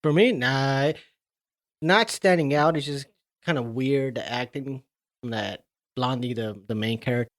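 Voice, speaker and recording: A man's voice: mid-range voice, a little slow, fairly bright tone. A man co-hosting a podcast, chatting casually about horror movies in a profane, joking way. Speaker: podcast co-host. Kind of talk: casual movie review chat.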